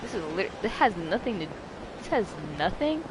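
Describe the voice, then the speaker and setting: A vlogger tells a story in a loose, rambling way, teasing themselves as they go. Their voice jumps now and then into sudden high-pitched shrieks. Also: sing-song, normal speed, background noise. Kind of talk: casual storytime.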